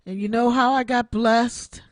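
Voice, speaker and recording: Lady in her 60s hosting a radio stream, fairly high voice, emotional, preachy repeats. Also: steady tone, measured pace, no room sound, clean studio sound. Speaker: internet radio show host. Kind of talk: heartfelt personal testimony.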